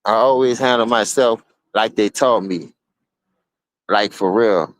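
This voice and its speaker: A man with a New Orleans accent streaming an unscripted, profane rant to his listeners. He keeps calling them dog and bro, and he swings between low mutters and sudden high outbursts. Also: unhurried, no echo. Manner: repeats words, addresses listener as dog and bro. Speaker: streamer giving a spoken open letter.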